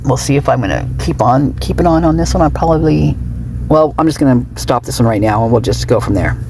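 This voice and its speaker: A woman's voice: a bass voice, brisk, creaky, noisy background. A woman true crime vlogger talking off the cuff in a chatty, rambling way with giggly asides. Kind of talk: unscripted casual vlog chat.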